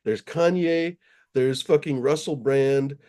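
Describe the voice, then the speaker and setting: A man's voice: mid-range voice, takes it slowly, dark tone. A man hosting a casual livestream, rambling and swearing with many fillers as he greets viewers in the chat. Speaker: livestream host.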